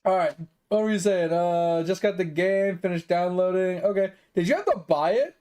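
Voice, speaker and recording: A man's voice: high-pitched, moderate pace, dark tone. Rambling male gaming streamer. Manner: rambling, heavy use of "like" and "um" fillers; swears casually. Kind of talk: casual live-stream chat while gaming.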